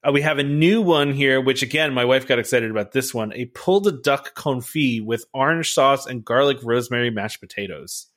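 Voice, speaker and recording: A man's voice: mid-range voice, normal speed, few pauses, fairly bright tone. A man co-hosting a podcast in casual chat, upbeat and laughing often. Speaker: podcast co-host.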